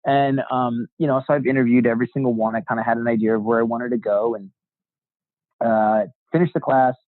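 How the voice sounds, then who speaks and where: A man with a mid-low voice tells his story as an interview guest, switching into the voices of the people he quotes and swearing casually. The sound is dry and thin, as if heard over a phone line. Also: brisk, dry recording. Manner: animated storyteller acting out quoted dialogue. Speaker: guest, real estate agent.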